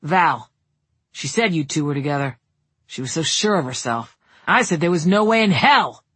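A woman's voice: deep voice, expressive, normal speed, breathy edge, no echo. A woman voicing an angry, indignant young man in a storybook reading, raising his voice. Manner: indignant, raises voice.

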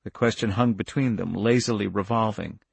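A man reading a novel aloud in a measured, tense storytelling voice. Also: lowish voice, vocal fry, breathy edge, no echo. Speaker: narrator. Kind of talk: audiobook narration.

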